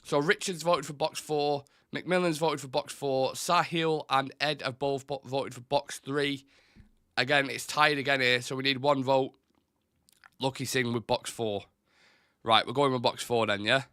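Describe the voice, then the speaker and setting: Man, bright forceful voice, dry close sound, casual live-stream chat. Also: medium pitch, steady tone, a little slow, no echo. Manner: chatty, reads out chat comments, restarts and fillers. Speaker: host of a live football fan show.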